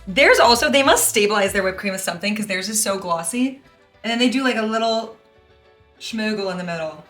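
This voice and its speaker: A woman's voice: on the high side, animated, fast talker, fairly bright tone, roomy sound, faint music behind. A young woman hosting a casual home baking vlog in her kitchen, chatty and self-deprecating and laughing often. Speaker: baking show host.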